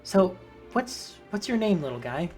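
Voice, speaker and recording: Someone doing a gentle kindly healer woman. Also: medium pitch, big pitch swings, a little slow, faint music behind, pitched above the performer's own voice.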